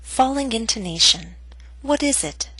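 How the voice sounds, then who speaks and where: A woman teaching an English pronunciation lesson, speaking clearly and deliberately. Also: fairly high pitch, animated, sharp tone, poor audio. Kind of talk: scripted lesson narration.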